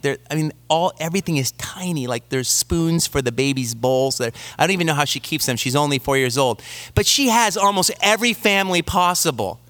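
A man in his thirties preaching a sermon, moving from slow scripture reading into a relaxed story about his young daughter. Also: fairly high pitch, no echo. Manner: reads scripture slowly, then tells a family story conversationally. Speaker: pastor.

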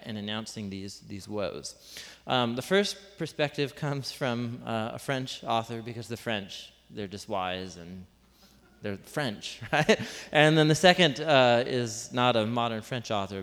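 A man's voice: mid-range voice, a bit bright. A man preaching a sermon as pastor in an informal, conversational way, full of asides, rhetorical questions and self-deprecating jokes, speaking to a live congregation. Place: large room with a live congregation. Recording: long reverb of a large hall.

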